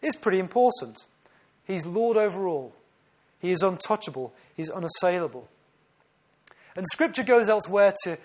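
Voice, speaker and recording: A man preaching a sermon, earnest and often correcting himself. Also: sits high. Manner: earnest, with frequent self-corrections.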